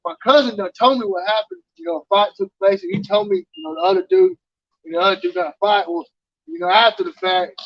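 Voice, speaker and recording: A man's voice: high-pitched, expressive, quick pace, gravelly, dry recording, highs cut off. A man in a casual religious chat, telling stories with lots of swearing and laughter. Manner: profane, laughing storyteller.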